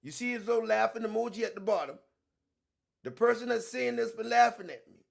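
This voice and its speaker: A man hosting a casual livestream, talking with emphasis and profanity and repeating himself to drive points home, moving between low mutters and loud outbursts. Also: a little fast, gravelly. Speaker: online show host.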